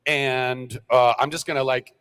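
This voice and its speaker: A man's voice: measured pace, clear, resonant tone, big-room sound. A middle-aged actor on a fan convention panel, rambling, swearing and laughing as he talks to the crowd. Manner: animated, rambling, swears, laughs, goes loud and high. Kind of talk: freewheeling panel talk to fans.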